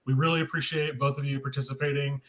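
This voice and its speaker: A man's voice: mid-range voice, little pitch movement, fast talker. A man hosting a webinar, friendly and thankful, wrapping up over a video call. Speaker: webinar host. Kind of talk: casual video-call wrap-up.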